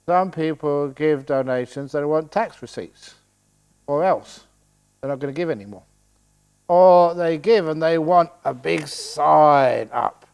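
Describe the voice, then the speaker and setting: A man's voice: on the high side, darkish tone, clean tone. An older man giving a playful dharma talk at a meditation retreat, joking and laughing as he teaches.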